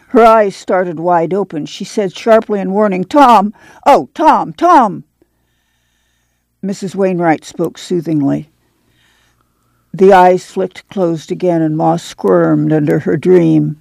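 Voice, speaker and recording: Seorang wanita membacakan narasi buku audio dengan tempo terukur. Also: female voice, on the low side, measured pace, gravelly, a little mellow, no room sound. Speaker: audiobook narrator. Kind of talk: scripted narration.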